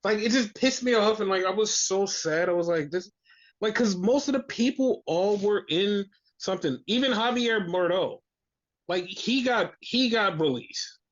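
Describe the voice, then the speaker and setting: A man with a high, light voice rants on a podcast, swearing often and sounding exasperated. The audio is muffled and lo-fi. He talks in loose, casual chat. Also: normal speed, a bit bright. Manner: profane, exasperated ranting. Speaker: podcast host. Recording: dull lo-fi audio.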